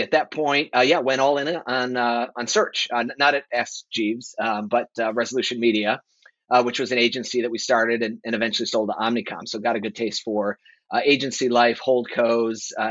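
A man in his forties, a guest on a podcast, talking in a relaxed, rambling way with lots of fillers. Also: mid-range voice, brisk, dry recording. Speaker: guest, marketing executive. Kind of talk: casual podcast interview. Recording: dry, dull lo-fi sound.

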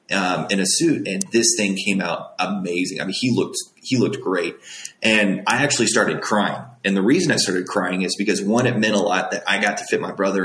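A man's voice: lowish voice, a bit bright. A young man in his twenties, a made-to-measure clothier, telling a personal story in an earnest, rambling way with lots of fillers. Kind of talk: casual storytelling. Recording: echoey room.

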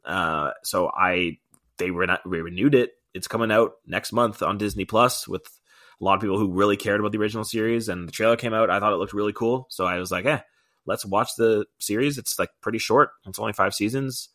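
An easygoing young man talking casually as a podcast co-host, with a somewhat low voice. He chats along freely, adding quick asides. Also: bright, forceful tone. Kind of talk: casual chat.

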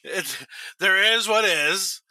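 A man's voice: high voice, slow, sharp tone, slight background noise. A middle-aged man co-hosting a casual podcast chat, blunt and profane, often laughing. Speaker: podcast co-host.

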